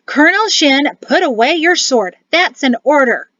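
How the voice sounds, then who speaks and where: A woman's voice: on the high side, animated, moderate pace, dry recording. A woman reading an audiobook, voicing a brave mother who speaks firmly and takes charge. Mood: commanding. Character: firm, brave mother and wife. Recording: dull, dry recording.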